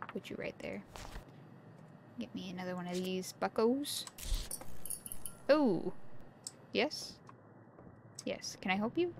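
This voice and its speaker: A woman's voice: medium pitch, expressive, moderate pace, vocal fry, long pauses, a little hiss or hum. Playful woman streaming a horror game. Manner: playful, chatty, talks to the game characters and puts on silly voices. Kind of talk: casual live-stream commentary. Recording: game ambience under the voice. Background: game sound ambience.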